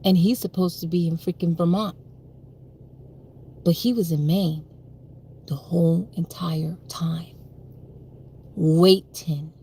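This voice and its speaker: A woman's voice: fairly low pitch, fairly even intonation, measured pace, creaky, long pauses, mellow, a little hiss or hum. A young woman telling a personal story on a livestream, emphatic and repetitive, with frequent swearing. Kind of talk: livestream monologue.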